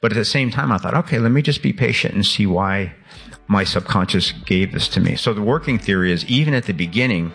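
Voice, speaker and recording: A man in his sixties, an author speaking as a radio guest, animated and laughing, with many restarts. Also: on the low side, brisk, creaky, slightly rough. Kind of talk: radio interview conversation.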